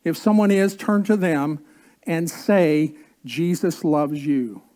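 Male pastor, sermon, fairly high voice, unhurried, earnest, drawn-out emphasis. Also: a little mellow. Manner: coaxes the congregation to join in.

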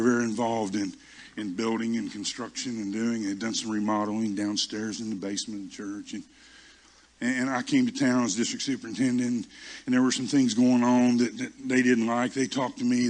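A male pastor preaching a sermon through personal stories, self-mocking and often restarting his sentences. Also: medium pitch.

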